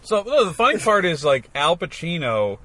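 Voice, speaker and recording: A man's voice: on the high side, big pitch swings, normal speed, a bit bright. A man in casual chat, rambling about old movies and acting out lines.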